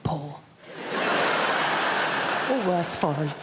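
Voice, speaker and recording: A woman's voice: sits low, very slow. A woman doing a self-deprecating, chatty stand-up set on a large theatre stage. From England. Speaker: stand-up comedian. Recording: long hall reverb, loud noise.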